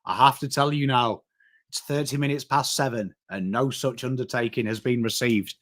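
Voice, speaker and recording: An Englishman putting on a posh voice to play a pompous older wartime leader giving a slow, grave declaration. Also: mid-range voice, steady tone, fairly bright tone, voice pushed down, lightly acted.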